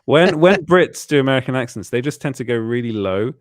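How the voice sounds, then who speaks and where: Young English male co-host, casual chat, laughs at himself, mid-pitched, dry mic. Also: animated, brisk, no room sound. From England. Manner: chatty, laughing, self-deprecating storyteller.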